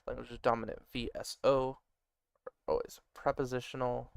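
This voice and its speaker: A man with a smooth, resonant voice at an ordinary mid pitch thinks aloud while working through a project on screen. He mutters to himself, reads notes aloud in quick bursts, and pokes fun at his own confusion. The sound is close and dry, with no room echo. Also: level tone. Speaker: worldbuilder designing a conlang.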